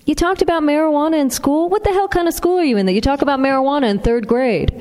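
A woman's voice: a little high, fairly quick, a little mellow, big-room sound, pitched above the performer's own voice, lightly acted. A woman doing an indignant, grumbling father. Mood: outraged. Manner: complaining, indignant. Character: stubborn pot-growing father, indignant and fussy.

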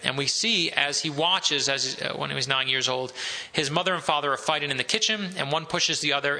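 Wry gravelly man reading from his novel. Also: a little high, bright, forceful tone, poor audio. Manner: wry, self-deprecating. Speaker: author.

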